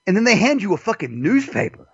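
A man's voice: high voice, fast, creaky, slightly rough, no room sound, highs cut off. A man hosting a podcast, delivering a crude, mocking, profane monologue. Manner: crude, mocking, animated delivery with frequent swearing. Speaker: podcast host.

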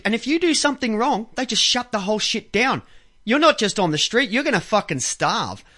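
High-pitched dude cohosting, excitable, swears constantly while telling stories. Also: male voice. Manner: excitable, profane storytelling. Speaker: co-host. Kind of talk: crude casual radio chat.

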